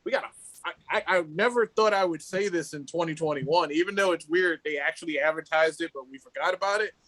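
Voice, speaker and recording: A man's voice: on the high side, fast talker, fairly bright tone, rough recording. A man co-hosting a casual podcast over a video call, teasing his friend in joking banter. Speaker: podcast co-host. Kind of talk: casual chat.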